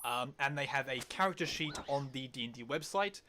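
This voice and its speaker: A man's voice: mid-range voice, a little fast, bright, forceful tone, slight background noise. A man co-hosting a casual podcast, enthusiastically explaining fantasy lore with many "like"s. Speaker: podcast co-host.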